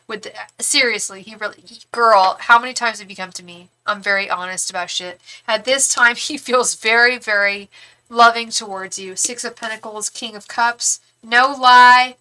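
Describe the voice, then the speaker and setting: A woman's voice: on the high side, steady tone, moderate pace, bright, forceful tone, clean tone. A woman giving a live-stream tarot reading, talking frankly and chattily, with lots of fillers and some swearing. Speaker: tarot reader and psychic.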